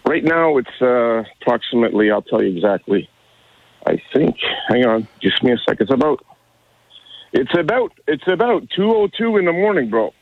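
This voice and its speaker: A man in his sixties calling into a radio show, rambling and halting with many restarts. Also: medium pitch, expressive, no room sound. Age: 60s. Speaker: caller. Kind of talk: casual call-in chat. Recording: tinny phone line.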